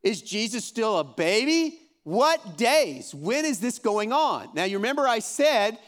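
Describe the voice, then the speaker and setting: His high voice swings widely in pitch at a moderate pace as the fifty-something man leads a Bible study for a live audience. He comes across folksy and encouraging, frequently saying things again.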